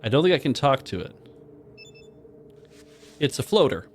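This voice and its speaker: Reading game text out loud at a normal speed, this streamer offers casual commentary on a modded game in a sing-song, medium-pitched voice, erupting now and then into loud, startled swearing. A slight hiss or hum is audible.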